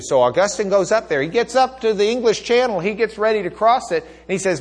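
A fairly high-voiced man lecturing a church class on history. He talks in a folksy way, with jokes and asides, and often stops on "uh" and "um". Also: very animated, fairly quick. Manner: folksy, joking asides, frequent fillers. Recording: recorded on tape in class.

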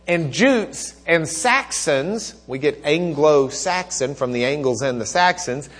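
A man teaching a church history class, folksy and joking, with plenty of fillers and asides. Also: high voice. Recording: recorded on tape in class.

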